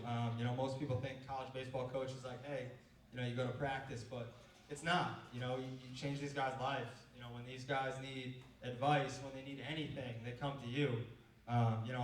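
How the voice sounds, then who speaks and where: A man's voice: mid-range voice, far from the mic, a little hiss or hum. A young man, a college baseball coach giving a speech to an audience. He tells stories in a loose, rambling way, full of fillers like "you know.". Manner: rambling, filler-heavy storytelling. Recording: roomy sound from off-mic.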